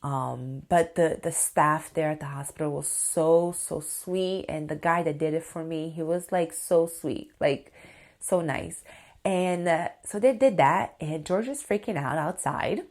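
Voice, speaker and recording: Chatty excitable woman vlogger, lowish voice. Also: a little slow. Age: 30s. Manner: excitable and chatty, full of "like" and "you guys". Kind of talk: casual storytelling to camera.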